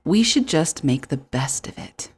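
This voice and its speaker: A woman voicing a smug, scheming corporate woman in a game, speaking slowly and with a sneer. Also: deep voice, sing-song, breathy edge, heavily acted. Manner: sneering, slow and drawn out.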